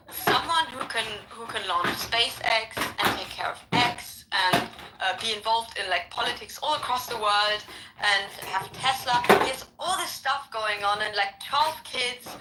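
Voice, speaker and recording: A woman in casual podcast conversation, animated, often laughing as she tells a story. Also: a little high, roomy sound, very noisy. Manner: animated, laughs while telling stories.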